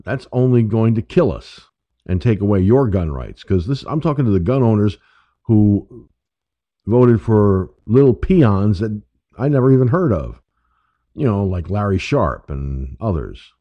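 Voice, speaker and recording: A man's voice: lowish voice, sing-song, moderate pace, no room sound. A man from New York State hosting an internet radio show, delivering a profane, emphatic political monologue. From New York State, USA. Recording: dull lo-fi dry audio.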